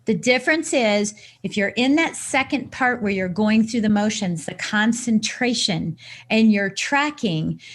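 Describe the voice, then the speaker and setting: A woman guest on a podcast, a coach explaining her ideas and acting out scenarios with quoted self-talk. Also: medium pitch. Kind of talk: casual interview chat.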